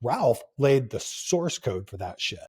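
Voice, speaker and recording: A man's voice: medium pitch, big pitch swings, measured pace, darkish tone, slightly rough. A middle-aged man, a company founder, speaking as a guest in a conversational interview, telling stories with energy and emphasis.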